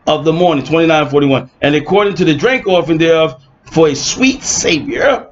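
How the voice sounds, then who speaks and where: A fairly high-voiced man leads an informal scripture lesson, reading verses and then scoffing at his opponents. The recording sounds dull and lo-fi, with a faint hiss underneath. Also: expressive, a little fast. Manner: reads verses aloud, then mocks opponents with sarcastic asides. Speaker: scripture teacher. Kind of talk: informal online Bible teaching.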